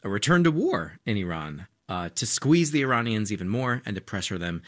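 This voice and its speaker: A man working as a news correspondent, explaining events in a measured conversational debrief with frequent small fillers. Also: on the low side, sing-song.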